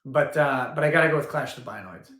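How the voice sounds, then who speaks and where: A man's voice: mid-range voice, expressive, fast talker, fairly bright tone. A man hosting a casual livestream, rambling and thinking aloud as he goes, often restarting his sentences. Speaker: livestream host. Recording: roomy echo.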